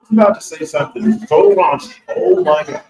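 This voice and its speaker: In a large hall full of listeners, a male author gives a speech, recounting a personal story candidly and with humor. His high, slightly mellow voice swings hugely in pitch at a brisk pace. The echoey recording places him far from the mic.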